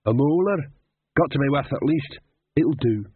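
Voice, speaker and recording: A man's voice: medium pitch, animated, moderate pace, slightly rough, dry recording. A man voicing a cheeky, haggling male craftsman with cocky banter, on a tinny recording. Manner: cocky working-class banter. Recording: tinny lo-fi narrow sound.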